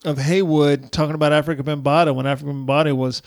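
A man's voice: fairly high pitch, fairly even intonation, fast talker, no echo. A man co-hosting a podcast in casual chat, ranting with exasperated, profane outbursts. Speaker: podcast co-host.

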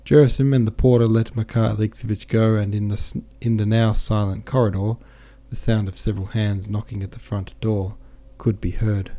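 A man narrating a classic novel at a steady, measured pace as a podcast host. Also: lowish voice. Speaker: audiobook reader and podcast host. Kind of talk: audiobook narration.

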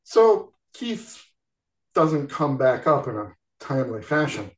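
A man hosting a podcast, recapping a film in a relaxed, casual manner. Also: medium pitch, slow pace. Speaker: podcast host. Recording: echoey room.

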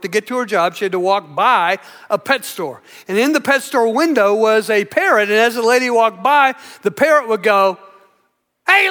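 A man's voice: high-pitched, a bit bright. A man preaching a sermon in an emphatic, earnest way, repeating words for effect. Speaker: pastor. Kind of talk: sermon with storytelling. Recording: echoey hall reverb.

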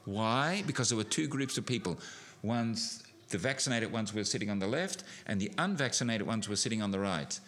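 Animated male preacher giving a sermon. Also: on the low side, fairly quick, a little hiss or hum. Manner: animated, rising to emphatic peaks, with restarts.

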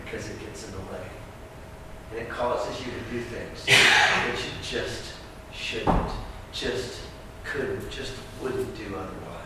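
A pastor preaching a sermon, swinging from loud emphatic outbursts to quiet, earnest talk. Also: male voice, on the low side, slow pace. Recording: echoey hall from far off with background noise.

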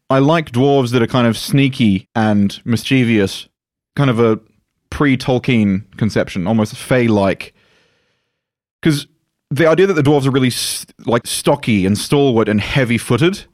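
A man's voice: medium pitch, normal speed, dry recording. Chatty man in a dry room. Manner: chatty, digressive storyteller. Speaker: podcast co-host and tabletop player. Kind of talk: casual podcast chat.

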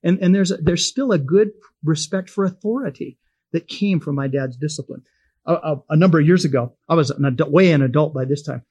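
A man's voice: a little high, brisk, a little mellow, slightly rough. A middle-aged man teaching from the Bible in a homespun, conversational way, telling personal stories and chuckling as he goes.

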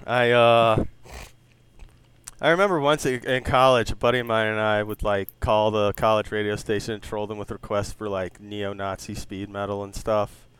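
A man's voice: fairly low pitch, level tone, moderate pace, fairly bright tone, clean tone. A man in his late thirties co-hosting a podcast, chatting casually, laughing often and swearing freely. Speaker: podcast co-host. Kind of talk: casual chat.

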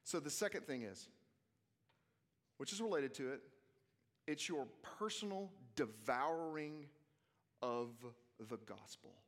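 Guy preaching to a youth crowd, slightly high voice, goes from whispery to loud, big echoey hall. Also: slow pace, long pauses. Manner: animated, swings between hushed and loud, acts out quotes. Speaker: youth conference speaker. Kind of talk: energetic sermon. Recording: long hall reverb.

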